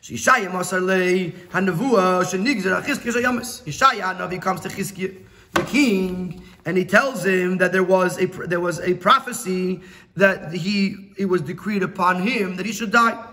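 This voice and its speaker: Bright high-voiced rabbi teaching a class. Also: male voice, normal speed. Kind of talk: Torah lesson explaining a text.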